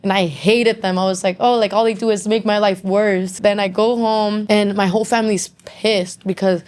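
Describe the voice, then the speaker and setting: A woman's voice: mid-range voice, fairly even intonation, moderate pace, a little mellow. A young woman speaking as a podcast guest, telling her own story openly. Her talk is loose and casual, full of swearing and constant "like.". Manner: candid, swears often, says "like" constantly.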